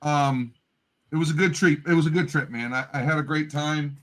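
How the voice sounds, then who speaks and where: A man in his fifties, a grandfather, telling stories in a casual livestream chat with quick laughs. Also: a little high. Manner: animated storyteller, quick laughs. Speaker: co-host.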